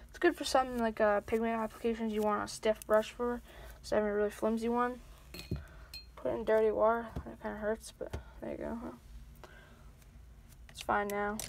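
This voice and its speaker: A woman's voice: on the high side, vocal fry, a little hiss or hum. A woman giving a casual tour of her scale model workbench, rambling and hesitant with many fillers, recorded at home.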